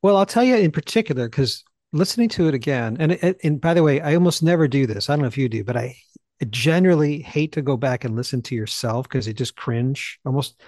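A man teaching Bible studies, talking eagerly and fast in a casual podcast chat, often clipping his sentences and restarting. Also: medium pitch, animated, darkish tone, no echo, studio quality.

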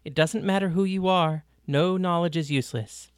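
A reader voicing Paris, a blunt, warm woman from a ranch, in an audiobook. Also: medium pitch, normal speed, clean tone, no echo, clean studio sound, lightly acted. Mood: cheerful. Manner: breezy, teasing, plain-spoken. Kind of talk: audiobook reading.

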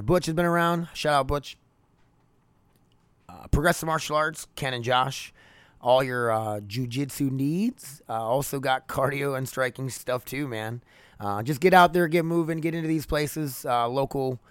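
Recorded dry on a podcast mic at home, close to the laundry room, this young host delivers a casual solo monologue, candid, rambling, and full of swearing. His voice is mid-range, a bit bright, clear and resonant.

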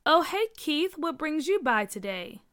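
Woman doing a loud neighborhood mom. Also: sits high, sing-song, measured pace, faint music behind, pitched above the performer's own voice, exaggerated voice. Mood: friendly. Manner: loud, calling out. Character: neighborhood mom, friendly but sharp.

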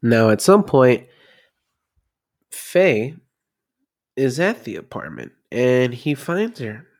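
Dude rambling thru a movie recap, super casual, lots of swearing. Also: male voice, mid-range voice, big pitch swings, slow pace. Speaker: film recap vlogger.

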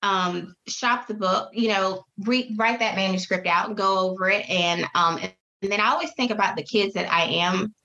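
A woman chatting casually as a guest about writing a children's book, lively and full of acted-out quotes. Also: mid-range voice, normal speed, highs cut off. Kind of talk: casual interview chat.

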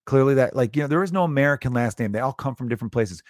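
A man's voice: medium pitch, expressive, racing, no room sound, studio quality. A male comedian hosting a podcast, ranting in a profane, sarcastic, exasperated monologue.

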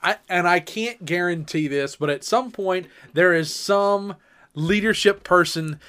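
A man's voice: sits high, a little slow, pushed and bright, clear, resonant tone. A man co-hosting a casual podcast, giving short reactions and musing asides. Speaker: podcast co-host. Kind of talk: casual chat.

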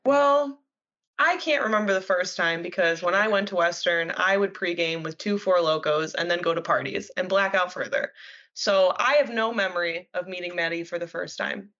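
A woman in her twenties co-hosting a casual chat, teasing her friend with quick banter. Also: lowish voice, a bit bright. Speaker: co-host. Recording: dull lo-fi sound.

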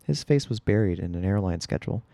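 A man with a very low, gravelly voice reads a first-person story aloud. His tone is dark and mellow, and his delivery is steady and plain, the way a storyteller keeps things moving. The sound is dry and close. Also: fast talker, no echo. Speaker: reader.

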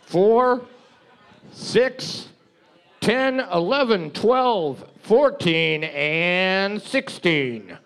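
A man's voice: high-pitched, expressive, extremely slow, creaky, a bit bright, clear, resonant tone. A man co-hosting a trivia game, tallying team scores and adding dry, crude quips. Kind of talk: casual banter.

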